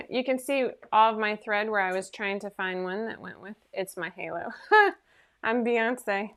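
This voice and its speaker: Talking into her computer mic, the host of a casual sewing livestream rambles along with self-deprecating humor from her home sewing room. She speaks at a measured pace in a mid-range, fairly bright voice.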